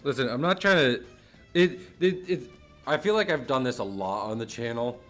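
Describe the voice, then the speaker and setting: A man's voice: mid-range voice, normal speed, a bit bright, soft background music. A man from New Jersey streaming live in a casual chat, rambling, laughing often and swearing now and then.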